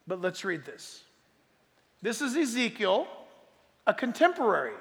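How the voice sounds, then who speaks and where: A man preaching a sermon, reading scripture emphatically and dropping to quiet asides. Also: huge pitch swings, unhurried. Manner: emphatic, rises loud when reading scripture, drops low for asides. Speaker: pastor. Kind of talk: sermon teaching on Bible prophecy. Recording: echoey hall reverb.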